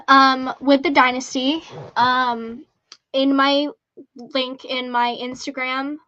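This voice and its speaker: Female interview guest, slightly high voice, lo-fi line, upbeat with filler words. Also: a bit bright. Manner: upbeat, halting with many ums. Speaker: wrestling guest. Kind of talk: casual interview chat.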